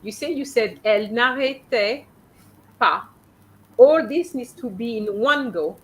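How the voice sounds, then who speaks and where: A woman teaching French, patiently correcting students' pronunciation and often checking with a quick "okay?". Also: a little high, animated, darkish tone, a little hiss or hum, rough recording. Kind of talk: coaching students on reading aloud.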